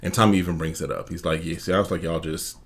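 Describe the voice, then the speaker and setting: A man co-hosting a casual show recap, telling the story in a relaxed way and briefly mimicking the people he describes. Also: low-pitched, quick pace, slightly rough. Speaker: co-host.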